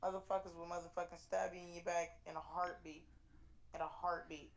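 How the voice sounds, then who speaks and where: A woman's voice: on the low side, flat delivery, fairly quick. Young woman, early twenties, interview guest; blunt, swears freely, emphatic delivery. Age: 20s. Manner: blunt, profane, emphatic storyteller. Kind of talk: casual storytelling in an interview.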